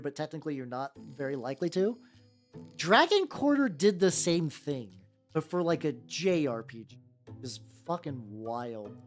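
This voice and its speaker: A chatty streamer talks through a painting session in a loose, rambling way, full of fillers and false starts. The voice sits at a middle pitch but swoops up and down a lot. Soft background music plays faintly under the talk. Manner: rambling, many "like" fillers and restarts; answers chat while painting. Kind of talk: casual livestream chat.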